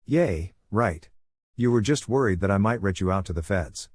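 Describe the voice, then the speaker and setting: A man voicing a tough, sarcastic young female villain in a fan story reading, scoffing and defensive, low-pitched and dry. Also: animated, moderate pace, a little mellow, dry recording.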